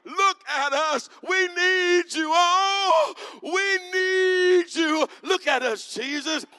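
A male preacher acting out a crowd of desperate lepers, shouting and pleading over and over. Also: extremely high pitch, very slow, no room sound, clean studio sound, pitched above the performer's own voice, full character voice.

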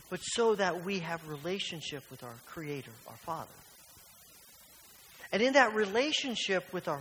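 A man's voice: sits high, a bit bright. A man preaching a sermon in a church, earnest and fond of rhetorical questions. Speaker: pastor. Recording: reverberant church hall with faint hiss.

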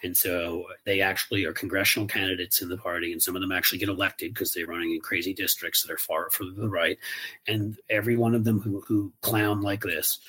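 Deep-voiced and steady yet a little fast, this co-host talks politics casually and with animation, using put-on voices to mock people. His tone is bright and forceful with a breathy edge.

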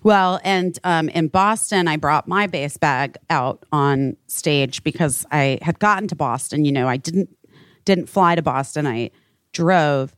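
A woman hosting a live podcast chat on stage, telling stories in a lively, profane, casual way. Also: low voice, measured pace, no room sound, studio quality. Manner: animated, swearing storyteller. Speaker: podcast host.

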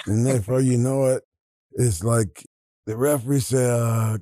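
A man's voice: mid-range voice, measured pace, dry recording, clean studio sound. Older man telling rowdy stories. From Atlanta, Georgia, US. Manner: animated, profane, laughing as he acts out quotes. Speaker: guest, retired football player. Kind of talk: casual storytelling.

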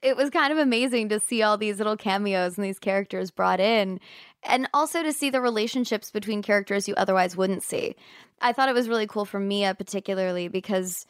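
A woman's voice: medium pitch, a little fast, smooth, no room sound, clean studio sound. A woman, an actress guest on a podcast, talking about her work in an enthusiastic, chatty way. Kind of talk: casual interview chat.

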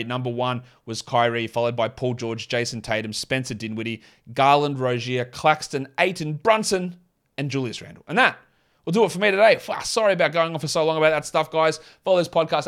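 A man with an Australian accent hosting a fantasy basketball podcast, talking through rotations and stats in quick, rambling analysis full of restarts. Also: a little high, fairly bright tone, clear, resonant tone. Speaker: podcast host.

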